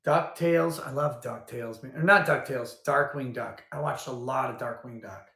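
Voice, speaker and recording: A man's voice: mid-range voice, moderate pace, gravelly, pushed and bright. A man hosting a casual livestream, rambling and thinking aloud as he goes, often restarting his sentences. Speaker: livestream host. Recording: roomy echo.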